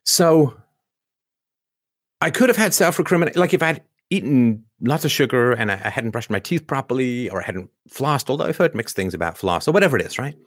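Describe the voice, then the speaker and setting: A man's voice: mid-range voice, animated, fairly quick, no room sound, studio quality. A man hosting a show, talking through a rambling monologue full of restarts and rhetorical questions. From Canada. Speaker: show host. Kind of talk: casual monologue commentary.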